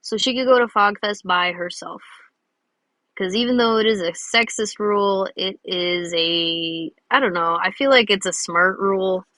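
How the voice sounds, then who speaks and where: A woman's voice: medium pitch, normal speed, sharp tone, no echo. A woman giving casual, rambling, giggly commentary while she draws. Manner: rambling and giggly, many fillers. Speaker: drawing video creator.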